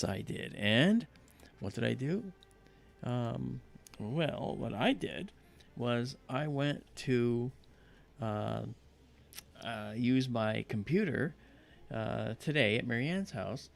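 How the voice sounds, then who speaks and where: A man with a gravelly voice tells a story in casual chat on a livestream. He acts out other people's lines in high, excited voices, then drops back to his usual middle pitch. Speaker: livestream host.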